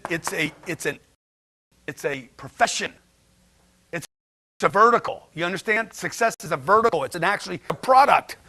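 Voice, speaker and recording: Man, motivational speaker, high-pitched, sharp and bright tone, blunt, slangy, keeps asking the audience questions. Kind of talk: motivational talk to a livestream chat.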